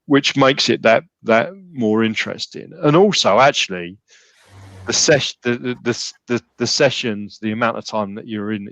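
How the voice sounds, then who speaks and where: Rambling man, low voice. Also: fairly bright tone, no echo, low-quality recording. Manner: rambling, many restarts and "you know"s. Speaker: gym member guest. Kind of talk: casual podcast interview.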